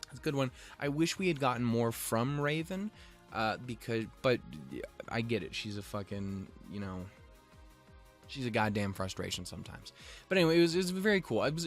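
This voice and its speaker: A young man casually recapping and reviewing an episode, with lots of cursing, fillers and jokes. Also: medium pitch. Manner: profane, filler-heavy, joking. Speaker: show review vlogger.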